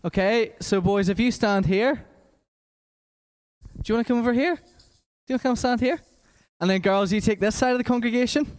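A man with energetic, encouraging delivery leading a quiz for children in a church. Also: very high voice, a little fast, long pauses, smooth. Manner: energetic, encouraging, talks to a crowd. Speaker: children's worship leader running a quiz. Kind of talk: lively church address to children. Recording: echoey church hall.

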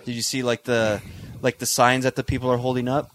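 A man's voice: medium pitch, flat delivery, a little fast, a bit bright, no echo. A man co-hosting a casual chat, joking and arguing playfully with his friend. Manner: joking, argumentative. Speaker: podcast co-host.

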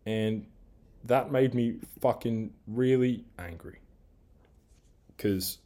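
A man's voice: mid-range voice, drawn-out words, warm tone. An Australian man hosting a solo podcast, ranting angrily with lots of swearing and rambling asides. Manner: angry, heavy swearing, rambling rant; self-described big guy who coaches team training. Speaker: podcast host.

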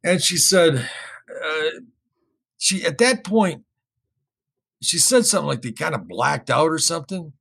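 Man with a raspy, gravelly voice, telling a story in a rambling, casual way. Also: a little high, a little slow, pauses often. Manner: rambling, repeats words, animated when quoting others. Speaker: guest recounting an experience.

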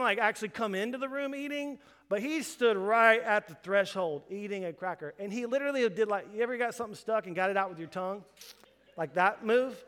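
A man in his thirties with a high, bright, forceful voice preaches in a large hall where the sound carries a long reverb. He tells the story with animated energy and acts out the quoted voices as he goes. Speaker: pastor. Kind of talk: sermon storytelling.

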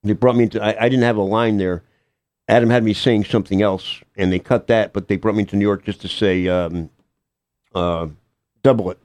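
An older man, an actor guest in a casual radio interview, talking haltingly with lots of fillers and restarts. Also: on the low side, fairly even intonation, a little mellow, dry recording.

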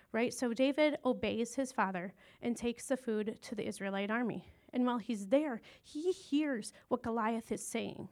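A woman's voice: a little high, darkish tone. Chatty woman teaching a Bible lesson. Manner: chatty and informal, paraphrasing with slang asides. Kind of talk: casual Bible lesson retelling a story.

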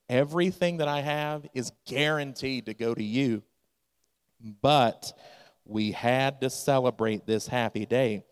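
A man's voice: medium pitch, clear, resonant tone, lightly acted. A man preaching, putting on the voice of a joyful old father welcoming his son home.

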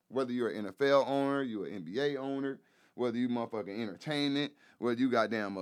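Here a rapper and activist guests on an easygoing podcast, his mid-range voice carrying a darkish tone. Emphatic and profane in a loose, slangy way, he circles back over his points and peppers his speech with "you know what I'm saying."

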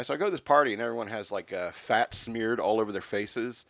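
A man of middle pitch tells a long invented story in a flat, rambling, comic tone, now and then bursting into a loud rant. His voice is close and dry, with no room sound around it. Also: fairly quick, creaky, no echo. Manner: deadpan rambling tall tale, bursts into loud rants. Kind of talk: improvised comedic storytelling.

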